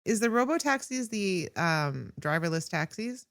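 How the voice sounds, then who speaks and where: A woman's voice: mid-range voice, sing-song, normal speed, no room sound, studio quality. A woman co-hosting a podcast, joking and laughing easily in casual banter. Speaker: podcast co-host.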